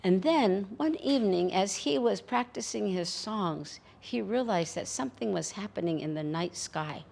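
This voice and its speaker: A woman storyteller telling a folk tale in a measured, rhythmic way, building with repetition. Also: mid-range voice, lively intonation, creaky, darkish tone.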